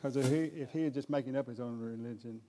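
A man's voice: mid-range voice, fast, dark tone, long reverb tail, a little hiss or hum. A man preaching a humorous sermon in a folksy, jokey way. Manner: folksy, jokey, addresses crowd as guys.

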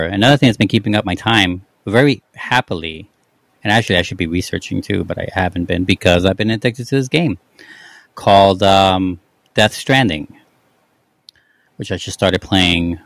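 A man with a lowish voice hosting a casual podcast, easygoing and a little wry. He steers the talk with questions. His voice sounds close and dry. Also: moderate pace, creaky, no room sound. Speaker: podcast host. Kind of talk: casual chat.

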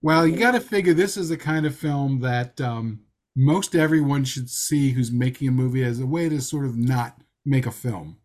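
A man's voice: mid-range voice, normal speed, a little mellow. A man co-hosting a podcast, giving wry, thoughtful film criticism in casual chat. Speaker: podcast co-host reviewing a film.

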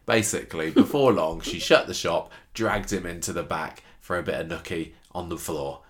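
Low-voiced man recapping a soap. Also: normal speed, fairly bright tone. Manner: chatty, jokey, recounts scenes in quoted voices. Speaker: podcast co-host. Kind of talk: casual chat recapping a soap.

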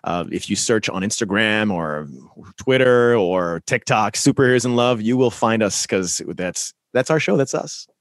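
A man's voice: fairly low pitch, normal speed, no echo, clean studio sound. A man in his thirties, a stage performer, talking animatedly as an interview guest with hesitant fillers. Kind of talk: casual interview.

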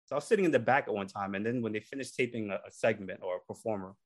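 A young man casually telling embarrassing stories on a podcast, animated and acting out the people in them. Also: on the low side, rapid-fire. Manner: animated, acts out voices in his stories. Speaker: podcast co-host. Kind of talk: casual storytelling.

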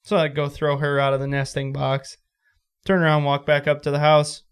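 Higher-voiced easygoing podcast co-host. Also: male voice, completely flat delivery, moderate pace. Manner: easygoing, swearing, story-driven. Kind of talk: casual storytelling in podcast chat.

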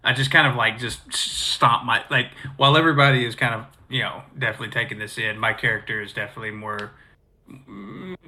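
A man playing a tabletop game over an online voice call, halting and full of fillers as he describes his character. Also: medium pitch, sharp tone. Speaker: player. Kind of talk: casual tabletop role-play.

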